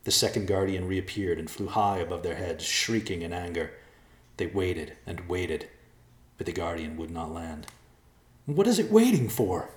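Deep-voiced man narrating a storybook. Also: flat delivery, moderate pace, reverberant.

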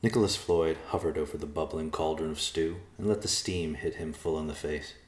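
A man narrating an audiobook in a measured, deliberate way. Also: a bass voice. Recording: echoey room.

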